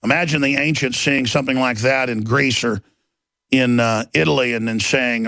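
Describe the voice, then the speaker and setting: Gravelly intense male talk show host. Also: medium pitch, fairly even intonation, moderate pace, sharp tone, no echo. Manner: emphatic, rambling, intense. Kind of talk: ranting monologue. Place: radio studio.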